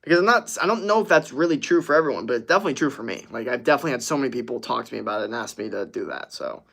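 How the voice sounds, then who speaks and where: Talking very fast with lively intonation, this young streamer has a medium-pitched, creaky voice with a fairly bright tone. In a casual livestream, he reads out viewer comments in a relaxed manner and laughs readily.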